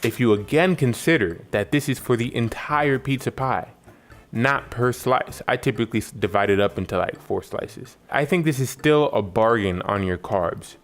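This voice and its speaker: A man's voice: mid-range voice, moderate pace. A man from New York narrating a cooking tutorial with wry, joking asides. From New York, United States. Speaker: cooking channel host.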